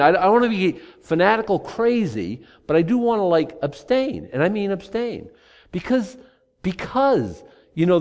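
A middle-aged male preacher with a fairly high voice that swings widely in pitch. He preaches loosely and animatedly, slipping into the voices of people talking themselves into excuses. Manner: animated, acts out rationalizing voices. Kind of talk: sermon.

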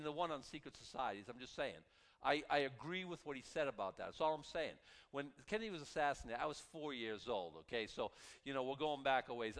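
A man's voice: mid-range voice, fairly bright tone. A man in his sixties, a pastor, giving a sermon in a conversational, wry way with rambling asides. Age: 60s. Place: church sanctuary. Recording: hall reverb.

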